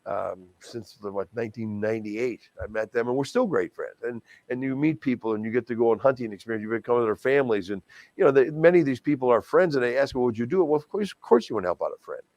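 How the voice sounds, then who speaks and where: A middle-aged man from Wisconsin tells stories in a relaxed interview, with a gravelly edge to his voice. He talks animatedly and pokes fun at himself, tripping over and repeating words as he goes. The sound is close and dry. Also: medium pitch, quick pace, no echo. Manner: animated, self-deprecating, many restarts and stammered repeats. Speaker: guest, charity auctioneer and stadium announcer. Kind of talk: casual interview storytelling.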